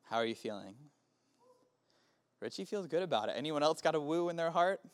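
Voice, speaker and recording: Guy in his 30s giving a youth sermon, chatty, keeps asking the room stuff, voice kinda high. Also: fairly quick, smooth. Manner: casual, animated, asks the room questions. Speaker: youth pastor.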